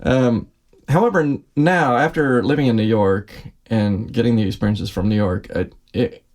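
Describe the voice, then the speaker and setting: A middle-aged man from the United States, chatting as a podcast guest about acting, animated and quick to laugh. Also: fairly low pitch. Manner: animated, laughs often, jokey. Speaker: podcast guest, actor and filmmaker. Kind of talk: casual conversation.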